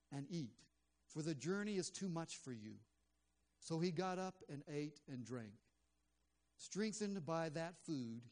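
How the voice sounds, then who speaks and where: A man's voice: medium pitch, darkish tone. Male pastor, mid-range voice, earnest conversational sermon delivery. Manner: conversational, earnest, with frequent fillers.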